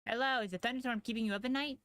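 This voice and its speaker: A male streamer voicing a small, secretive female food creature who talks in a hushed, conspiratorial way and turns coldly scornful. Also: very high voice, steady tone, racing, slight background noise, pitched above the performer's own voice, full character voice.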